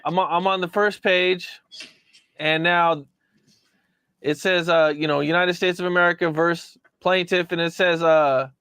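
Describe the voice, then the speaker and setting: Bright high-voiced male interviewer. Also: measured pace, clean tone, dry recording. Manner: steady, prompting questions, reads documents aloud. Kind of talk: interview questions.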